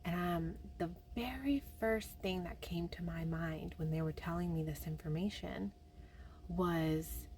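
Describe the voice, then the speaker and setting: A woman's voice: lowish voice, a little slow, slight background noise. Chatty woman telling a story. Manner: chatty, animated retelling with many fillers. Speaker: vlogger. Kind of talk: personal faith vlog storytelling.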